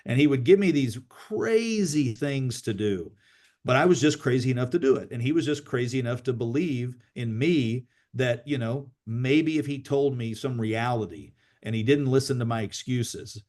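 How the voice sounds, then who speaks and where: A man hosts a team call and talks over a video call line in an easygoing, motivational way. His voice sits at a middle pitch. He tells stories and often stumbles, repeating words and starting sentences over. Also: normal speed, darkish tone. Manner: storytelling, frequent restarts and repeated words. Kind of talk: casual motivational talk on a group call.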